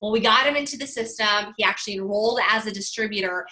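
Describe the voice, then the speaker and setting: A woman's voice: mid-range voice, quick pace, bright, forceful tone, rough recording. A woman in her forties giving an emphatic motivational talk, driving points home by repeating key phrases. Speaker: motivational speaker.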